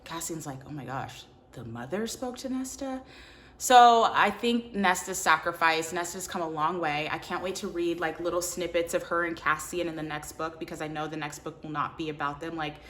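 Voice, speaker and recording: A woman with a slightly low-pitched voice chatting through a book review. She talks loosely and animatedly, with lots of filler words and little bursts of character voices. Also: a little fast, hardly any pauses. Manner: animated, filler-heavy, acts out characters' lines. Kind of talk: casual book review chat.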